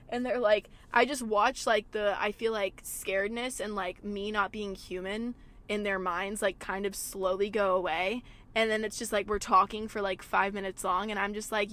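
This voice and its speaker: Sitting in a parked car at a gas station, a young woman chats casually on her solo podcast, cursing often and leaning heavily on the filler "like." Her voice is medium-pitched with fairly even intonation, a little fast, and fairly bright.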